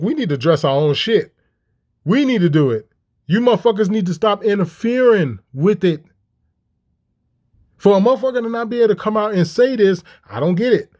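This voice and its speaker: A man's voice: a little high, a little mellow. A man giving profane, heated commentary, firing off mocking rhetorical questions. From Chicago. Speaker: commentator reacting to clips.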